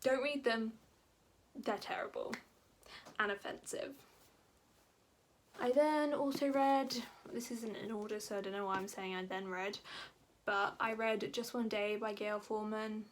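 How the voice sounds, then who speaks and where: Animated, exasperated woman ranting about books. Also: mid-range voice, unhurried, long pauses, a little hiss or hum. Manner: animated and exasperated, heavy use of "like". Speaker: book vlogger. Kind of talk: casual ranting book review.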